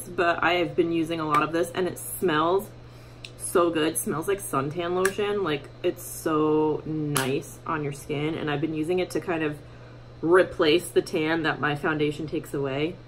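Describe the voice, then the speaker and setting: Young female vlogger, slightly low voice, chatty and self-deprecating, makeup tutorial feel, recorded in a home bathroom. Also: background noise. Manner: chatty, many fillers, self-mocking. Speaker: beauty vlogger. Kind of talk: casual makeup tutorial chat.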